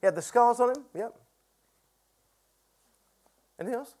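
A man's voice: extremely high pitch, unhurried, darkish tone. A man preaching a conversational sermon who asks the congregation questions. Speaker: pastor.

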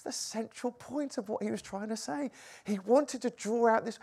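A man preaching a sermon, moving between loud exclamations and hushed, quiet lines. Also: extremely high pitch, normal speed, gravelly.

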